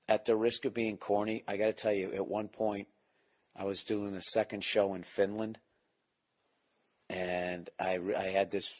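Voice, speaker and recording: A man hosting his own podcast from home, rambling in a profane, self-mocking casual monologue while keeping his voice down. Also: deep voice. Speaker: podcast host and comedian. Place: home, at night or early morning.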